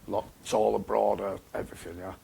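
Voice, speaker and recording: A man speaks in a gravelly, husky voice. He answers bluntly and haltingly and circles back over his own words, like a guest in a candid interview. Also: on the low side, little pitch movement, dark tone. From England. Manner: blunt, halting, repeats himself.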